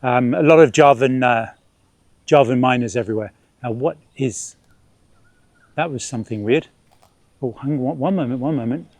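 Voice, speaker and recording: A middle-aged man talks to camera while birdwatching in a city park, chatty and stop-start. His voice sits mid-range in pitch. The sound is dry and close. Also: moderate pace, long pauses, darkish tone, dry recording. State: sweating, swatting ants and bugs. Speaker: birdwatching vlogger. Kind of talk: casual outdoor vlog narration.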